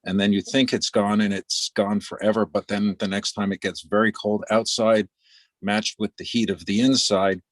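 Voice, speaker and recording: A man photographer describing his work in a relaxed, reflective way over a video call. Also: on the low side, moderate pace, no echo. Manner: relaxed, reflective, with little laughs. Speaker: photographer in the exhibition. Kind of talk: casual video-call discussion.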